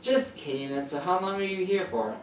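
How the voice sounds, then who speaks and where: A sassy, quick-tongued mother, teasing and pitched up, as a woman reading a story puts her on. The voice sits far from the mic in an echoey room with a faint hiss behind it. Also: close to an everyday voice. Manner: sharp, sassy retorts.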